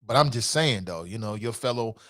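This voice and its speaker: A man's voice: fairly low pitch, lively intonation, brisk, fairly bright tone. A man hosting a casual morning talk show, speaking off the cuff, often laughing and slipping into quoted voices. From Cincinnati area.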